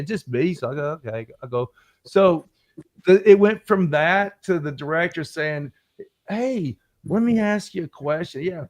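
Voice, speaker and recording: A man, an actor guest, telling anecdotes in casual chat and acting out the voices of people he quotes. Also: fairly high pitch. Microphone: video call stream.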